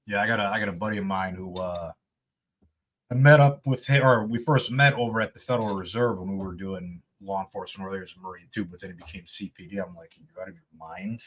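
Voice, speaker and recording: A man with a fairly low voice co-hosting a relaxed conversation. He tosses in wisecracks and banter between stories. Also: quick pace. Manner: joking, wisecracking. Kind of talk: casual chat.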